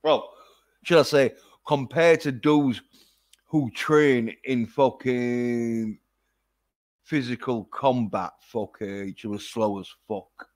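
A man's voice: mid-range voice, steady tone, slow. A man ranting profanely in a casual livestream. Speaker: vlogger.

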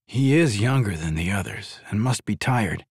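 A tired father of dragon blood, as a male narrator plays him, muttering and groaning in a heavy, lowered voice. His tone stays exasperated, recorded close and dry. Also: animated, normal speed, slightly rough, no echo. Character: weary adult male dragon-shifter father.

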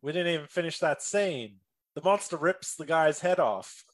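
A podcast guest in casual chat, animated and playful while describing a movie. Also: medium pitch, normal speed. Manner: animated, acts out characters in quotes.

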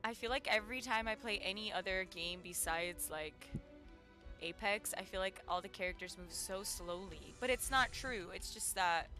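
Bubbly young woman streaming a game, bright voice. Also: mid-range voice, moderate pace, faint music behind. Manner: excitable, giggly, exclaims and gasps often. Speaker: gaming streamer. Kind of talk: live gameplay commentary.

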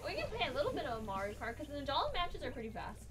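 A high-pitched woman talks quickly and chattily on a game stream. Her voice rises and falls widely, and she often breaks off and restarts her sentences as she plays. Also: sing-song, music in the background. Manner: fast, chatty, talks over herself. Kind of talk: casual live-stream chat.

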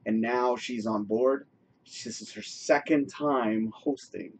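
A man hosting a casual live talk show, animated and encouraging, saying "you know" a lot. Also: mid-range voice, slow pace, vocal fry, a little hiss or hum. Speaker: host. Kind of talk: casual chat.

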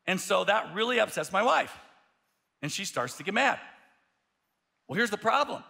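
Gravelly, bright-voiced male pastor preaching. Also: sits high, moderate pace. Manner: animated storytelling with repeated restarts. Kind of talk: sermon.

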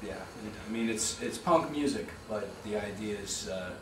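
Earnest drummer in a noisy echoey room. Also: male voice, lowish voice, normal speed. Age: older than his bandmates. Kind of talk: casual band interview. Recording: echoey room from far off, with noise.

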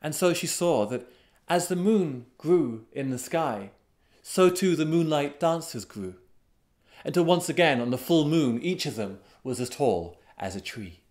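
A man telling a folk tale as a storyteller, unhurried and dramatic, with sudden swells of excitement. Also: on the high side. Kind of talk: storytelling narration.

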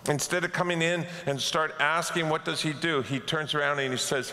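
A man's voice: a little high, fairly even intonation, brisk, pushed and bright. A Canadian man preaching a sermon as pastor, telling stories and acting out quotes as he goes. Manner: storytelling with acted-out quotes. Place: church sanctuary. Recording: echoey church hall.

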